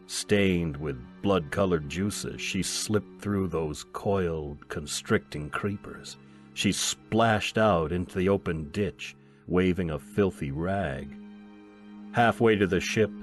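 Deep, slow male storyteller. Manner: measured, grave storytelling. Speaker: narrator. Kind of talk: audiobook reading of science fiction.

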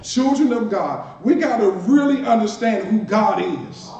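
Preaching in a church sanctuary, this man speaks with a D.C. accent, weaving playful asides and repeated words into a conversational sermon. His high, mellow voice is expressive and measured in pace. Captured from a distance, the audio sounds roomy and dull, with a faint hiss.

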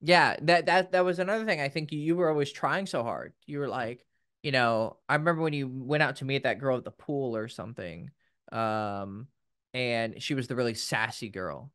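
A young man, a dating coach, telling stories in casual podcast chat, lively and freely swearing. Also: mid-range voice, normal speed, smooth, no echo, clean studio sound. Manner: animated storyteller, swears freely.

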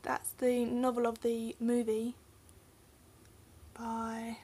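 Slow-talking high-voiced English woman. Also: steady tone. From England. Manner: rambling, unsure, trails off into mumbles. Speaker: book vlogger. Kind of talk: casual bookcase tour.

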